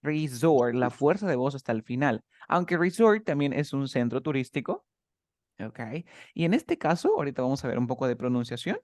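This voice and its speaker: In a bilingual English lesson, a man patiently explains words and stress while switching between English and Spanish. His mid-range voice is sing-song, fast and slightly mellow, recorded at studio quality with no echo.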